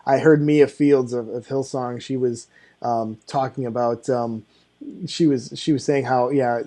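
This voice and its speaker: A man's voice: medium pitch, steady tone, measured pace, dark tone. A man hosting an interview, easygoing and affirming in a chatty way. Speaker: podcast host. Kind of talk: casual interview chat.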